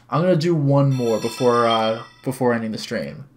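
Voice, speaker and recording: A man's voice: medium pitch, normal speed. A man streaming a game, talking offhand and casually to his viewers. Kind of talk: casual live-stream commentary.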